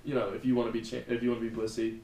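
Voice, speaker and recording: Playful man, off mic, faint rumble. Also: level tone, very fast, warm tone, reverberant, distant mic, rough recording. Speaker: podcast co-host. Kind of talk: casual chat.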